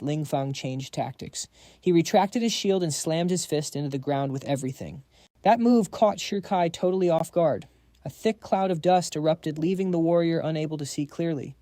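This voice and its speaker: Mellow male recap narrator, dry close sound. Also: a little high, no room sound. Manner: dramatic storytelling.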